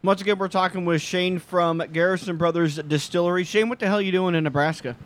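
A man's voice: sits high, fairly even intonation, fast. A man hosting a casual interview, asking direct questions with a joking manner. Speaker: host.

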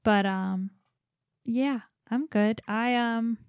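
A woman co-hosting a podcast, talking in an easygoing, relaxed way in casual chat. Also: on the high side, drawn-out words, clean tone, no room sound, studio quality. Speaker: podcast co-host.

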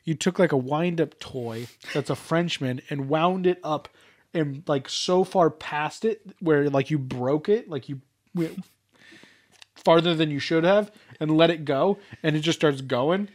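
A man co-hosting a podcast, trading crude jokes in casual banter with dry, deadpan asides. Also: a little high, unhurried. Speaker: podcast co-host.

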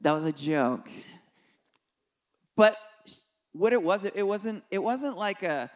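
Middle-aged male pastor, slightly high voice, relaxed storytelling sermon with light jokes. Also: slow, pauses often. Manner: conversational and joking, with soft dips for emphasis.

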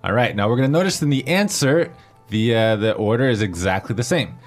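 A man's voice: mid-range voice, animated, fairly quick, faint music behind. A man hosting a language lesson who patiently explains grammar and spells out pinyin letter by letter.

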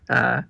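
A pastor and marriage seminar speaker, an animated storyteller who acts out the people he quotes. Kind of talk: interview guest.

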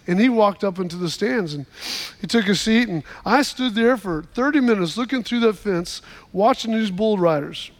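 A man's voice: high voice, fairly quick. A man preaching a sermon as pastor. He tells stories to the congregation and often restarts his words. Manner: storytelling, repeats words in restarts, calls for amens.

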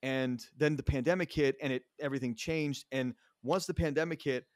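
A man in his thirties speaks in an easy, mid-pitched voice, recounting a personal turning point in a relaxed conversational interview. He is earnest and rambling, stumbling over restarts as he gathers his thoughts. The sound is close and dry, with no room around it. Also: a little fast, no room sound. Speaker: podcast guest. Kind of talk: casual conversational storytelling.

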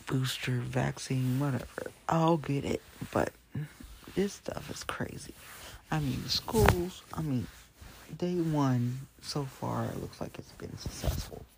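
A show host chatting casually and at length about the news, rambling and often dropping into hushed asides. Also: mid-range voice, takes it slowly, slight background noise. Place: Hamilton County area.

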